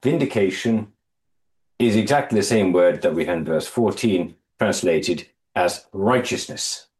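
A man leading a Bible study, reading scripture aloud, explaining it with halting restarts and quizzing his listeners. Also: sits low, a little mellow. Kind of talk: Bible study teaching to a small group. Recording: echoey room.

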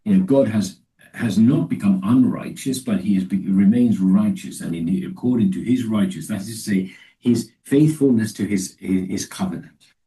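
A man preaching a Bible teaching talk in a low, deep voice. His tone is very dark and mellow, picked up from a little way off the mic. He stops and restarts often, and slows down to read scripture with care. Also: far from the mic, low-quality recording. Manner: halting, with many restarts and fillers; reads scripture slowly and deliberately.

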